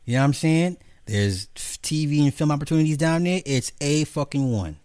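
A man delivering a profane, animated commentary rant, mocking the people he talks about. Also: moderate pace, no echo, clean studio sound. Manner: profane, animated, mocking, jumps into high mimicking voices. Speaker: commentary host. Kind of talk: ranting commentary monologue.

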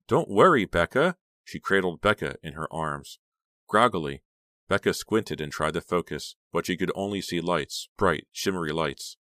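A man narrating a horror audiobook in a steady, dramatic reading. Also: sits low, normal speed, no echo, clean studio sound.

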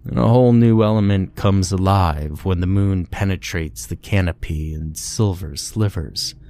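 A man's voice: low voice, a little mellow, dry recording. A man narrating a scripted horror story in a grim, profane first-person manner. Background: faint music.

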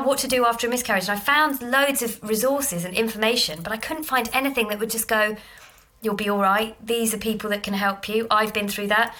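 A woman in her thirties sharing her own story on a podcast, her voice bright and a little high. She speaks openly and emotionally, rushing ahead and restarting her sentences. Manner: open and emotional, recounting in a rush with many restarts. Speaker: podcast co-host. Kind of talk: candid personal storytelling.

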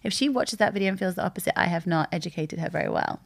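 A woman in her thirties talks openly as a podcast guest. Her voice has a gravelly edge, and she tells her stories with animation, acting out the lines she quotes. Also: lowish voice, racing. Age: 30s. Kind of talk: candid conversational chat.

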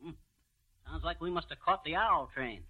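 An actor playing a boastful, excitable comic schemer in a 1930s radio comedy, with a bouncy, joking delivery full of wordplay. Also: male voice, on the high side, moderate pace, background noise, close to an everyday voice. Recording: muffled 1930s radio broadcast.

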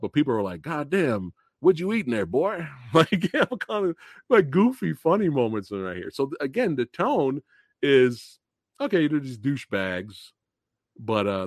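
A man hosting a casual movie review, talking in an animated way with lots of swearing and laughter, acting out scenes as he goes. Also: medium pitch, no room sound, clean studio sound. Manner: animated, profane, laughs often, acts out scenes.

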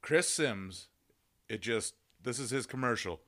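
A man's voice: medium pitch, expressive, unhurried, sharp tone. A man co-hosting a casual podcast, swearing often and laughing as he talks. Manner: profane, laughing, does mocking impressions. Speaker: podcast co-host. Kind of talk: casual banter.

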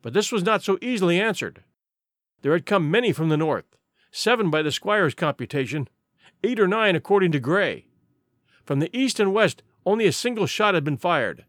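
A man's voice: sits high, animated, moderate pace, a bit bright, no echo, clean studio sound. A man narrating an adventure audiobook in a vivid, dramatic storytelling manner.

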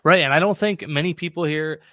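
A man's voice: fairly high pitch, fairly quick, a bit bright, dry recording. Man hosting in a dry, close sound. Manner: short agreeing replies, easy laughs. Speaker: podcast host. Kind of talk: casual interview.

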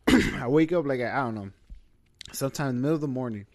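Man swapping stories with friends, loose and profane, average pitch. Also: fairly quick, a little mellow. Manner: loose, profane, filler-heavy, says bro a lot. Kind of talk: casual storytelling chat.

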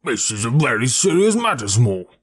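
A stern, angry police detective, put on by a man. His voice sits higher than the narration and sounds brusque and forceful, as in an audiobook. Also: big pitch swings, normal speed, breathy edge.

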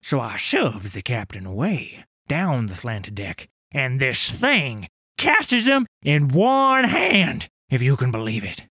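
An actor playing a grizzled, boastful old sailor telling a tale in a tavern, in rough dockside dialect that drops to whispers and rises to roars. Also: male voice, medium pitch, very animated, slow pace, pushed and bright, no room sound, clean studio sound, heavily acted. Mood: spinning yarn. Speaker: tavern storyteller. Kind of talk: dramatic audio story narration.

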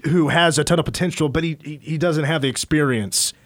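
A man's voice: fairly high pitch, a little fast, no room sound, clean studio sound. Man breaking down basketball stats. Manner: detailed stat-heavy breakdown, conversational. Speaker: sports radio host. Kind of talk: sports talk radio analysis.

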